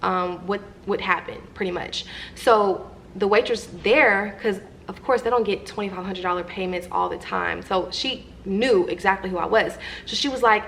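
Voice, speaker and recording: A young woman speaks straight to her viewers, telling a story from her own life in a lively, chatty way. Her voice sits at an ordinary middle pitch for a woman. A faint hiss runs behind her. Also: normal speed, vocal fry. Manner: animated, chatty storytelling that addresses viewers directly. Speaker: vlogger.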